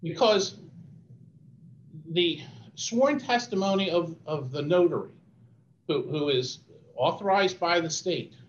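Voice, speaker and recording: A man, an attorney, giving a formal oral argument in court, measured and often restarting his phrases. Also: on the high side, reverberant, muffled recording. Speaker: attorney arguing an appeal.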